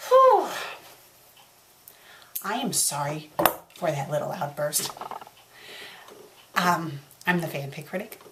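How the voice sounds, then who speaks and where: A woman hosting a comedic fanfic review, melodramatic, swinging between shouted threats and hushed whispers to calm herself. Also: low-pitched, very slow, pauses often, very noisy. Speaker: fanfic reviewer, show host.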